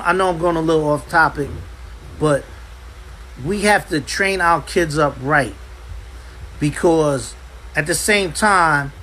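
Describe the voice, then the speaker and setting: Emphatic preaching man, higher voice. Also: slight background noise, low-quality recording. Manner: forceful, repeats "understand" for emphasis. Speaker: Bible class teacher. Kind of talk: impassioned preaching. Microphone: livestream.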